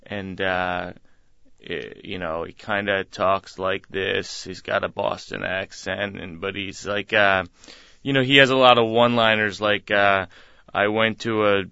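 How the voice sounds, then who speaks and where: A man's voice: deep voice, little pitch movement, unhurried, gravelly, sharp tone, clean tone, no room sound, lo-fi sound. A man from Massachusetts, a guest comedian on a radio interview, telling stories in a laid-back, rambling way with frequent chuckles. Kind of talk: casual interview storytelling.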